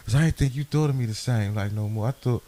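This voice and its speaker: A man's voice: mid-range voice, quick pace, dark tone. A man co-hosting a podcast in casual chat, slangy, swearing often and talking in bursts. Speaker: podcast co-host.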